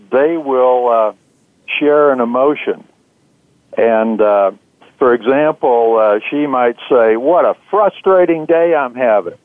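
A man, an author being interviewed, answering in a measured way with frequent "uh" fillers. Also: mid-range voice, no echo. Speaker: author and guest. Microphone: phone. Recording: tinny dry phone line.

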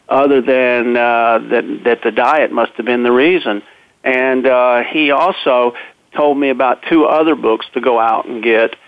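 Gravelly man telling his story over a tinny line. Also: mid-range voice, dry recording. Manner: earnest and plain-spoken, with frequent fillers and restarts. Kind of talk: personal storytelling. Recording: dry, narrow phone-like sound.

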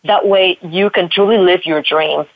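A woman's voice: fairly low pitch, moderate pace, dry recording, narrow, tinny audio. Blunt, profane motivational woman. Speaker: podcast guest, spin instructor. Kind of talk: candid interview conversation.

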